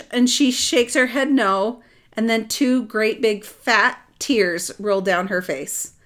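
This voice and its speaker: A middle-aged woman telling a personal story in casual chat, animated and rambling, with restarts. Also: fairly high pitch, takes it slowly. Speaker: adoptive mother telling her story.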